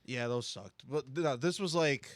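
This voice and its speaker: A man's voice: mid-range voice, moderate pace, dry recording. A young man, a podcast co-host, telling a story in a casual chat among friends, full of fillers and laughter.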